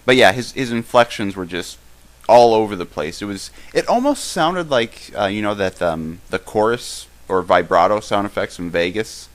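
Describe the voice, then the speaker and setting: Low-voiced young man chatting loosely. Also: animated. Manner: rambling, halting, many restarts. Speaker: podcast co-host. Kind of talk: casual live-stream Q&A chat.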